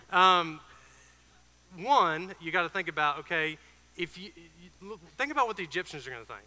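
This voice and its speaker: A man preaching an informal sermon, retelling a Bible story in a conversational way with fillers and quick asides. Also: on the high side, animated, pushed and bright, big-room sound.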